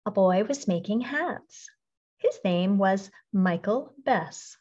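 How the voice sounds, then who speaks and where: Woman storybook reader, lively pitch, husky tone, lo-fi sound. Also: takes it slowly. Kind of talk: reading a children's picture book aloud. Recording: dull lo-fi recording.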